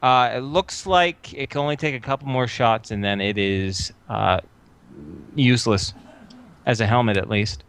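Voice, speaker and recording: A man narrating a tabletop game as game master, thinking aloud with frequent filler pauses. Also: mid-range voice, fairly bright tone.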